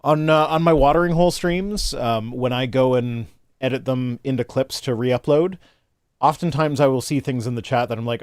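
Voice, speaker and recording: A man's voice: medium pitch, normal speed, darkish tone, smooth, no echo, studio quality. A man hosting a charity livestream, chatting loosely, swearing and reading out donations on a home streaming mic. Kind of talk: casual livestream chat.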